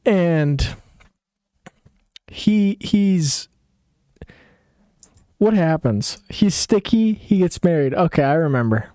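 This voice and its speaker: Brief: deadpan-sarcastic male storyteller, unhurried, rambling, dry close sound. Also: fairly high pitch, no echo. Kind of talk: casual comedic retelling.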